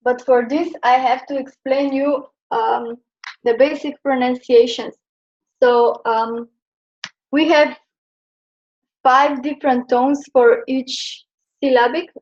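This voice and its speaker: A woman's voice: high voice, fairly even intonation, takes it slowly, long pauses. A young woman from Slovenia teaching Chinese pronunciation in a classroom, explaining hesitantly with many fillers. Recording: dull lo-fi classroom recording.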